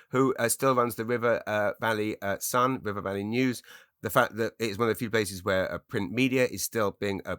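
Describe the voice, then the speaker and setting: A middle-aged Englishman hosts his own podcast, delivering a rambling solo monologue in a chatty, self-deprecating way and restarting often. His voice is medium-pitched and a little bright, captured with studio quality and no echo.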